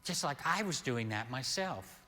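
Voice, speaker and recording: An older man preaching as a pastor, telling a healing story slowly and animatedly, with sudden loud peaks. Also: medium pitch, animated. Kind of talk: sermon storytelling. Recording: long hall reverb.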